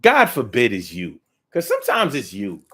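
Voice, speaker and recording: A medium-pitched, slightly rough voice at normal speed belongs to a man hosting his own talk show. His monologue is casual, rhythmic and animated, and he often acts out the voices of the people he quotes.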